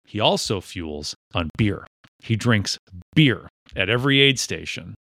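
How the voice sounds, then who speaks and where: A man's voice: on the low side, measured pace, no room sound, studio quality. A man hosting a podcast interview, joking and teasing his guest in a casual chat. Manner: jokey, animated, teasing, puts on funny voices. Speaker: podcast host.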